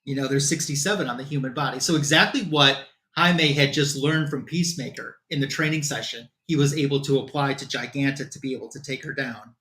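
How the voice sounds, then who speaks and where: A man's voice: mid-range voice, brisk, hardly any pauses, pushed and bright. A man on a comic book show, casually recapping a plot in loose quoted dialogue with lots of fillers.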